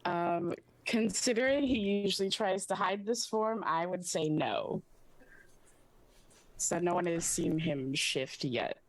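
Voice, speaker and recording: A woman's voice: on the low side, slow. A woman describing her character in a tabletop game, hesitant, with many fillers and frequent giggles. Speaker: player.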